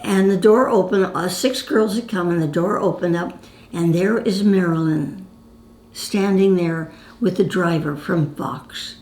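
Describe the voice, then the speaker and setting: A woman's voice: on the low side, measured pace, a little mellow. A woman in her nineties telling her own stories to camera in a chatty, reminiscing way, calling the viewer "my dear". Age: 90s. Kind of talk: casual storytelling to camera. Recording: roomy echo.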